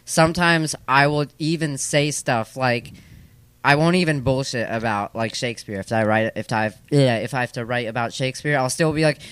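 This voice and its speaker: A man's voice: medium pitch, normal speed, a bit bright, clear, resonant tone, no room sound. A man in his thirties in a casual interview, rambling and self-deprecating with lots of fillers, speaking into a studio microphone. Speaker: guest, comedic performer.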